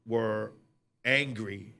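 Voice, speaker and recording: A man interviewing his co-host, asking questions haltingly, with many restarts and fillers. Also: on the low side, fairly even intonation, creaky, pushed and bright. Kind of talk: casual interview chat.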